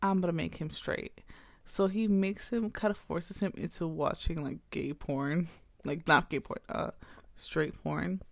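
Gravelly casual woman recapping a plot. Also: low-pitched, dry recording. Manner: casual, profane, quick asides.

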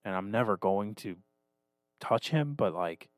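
Brief: man, 30s, podcast co-host, lively swinging pitch, swears, self-mocking, dry close sound. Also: measured pace, dry recording. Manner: self-deprecating, swearing, animated. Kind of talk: casual chat.

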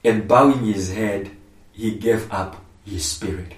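Far off the microphone in a reverberant room, the pastor delivers his sermon with repeated emphatic phrases that build into outbursts. His voice is fairly low and his pace slow.

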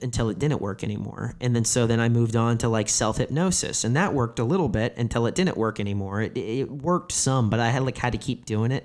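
A thirty-something comedian appears as a guest, rambling through candid tales peppered with profanity and a heavy reliance on "like." His voice is medium in pitch with a darkish quality.

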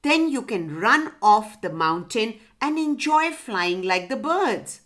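A woman voicing an eager little male parrot in a children's story, with high, eager exclamations. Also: sing-song, takes it slowly, a bit bright, heavily acted.

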